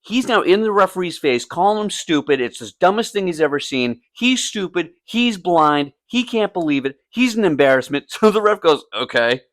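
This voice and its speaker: This podcast co-host, a youth soccer coach, has a high, slightly bright voice and speaks animatedly at a normal speed with few pauses. In a casual chat he tells a story full of swearing and acted-out quotes, recorded in studio quality with no echo.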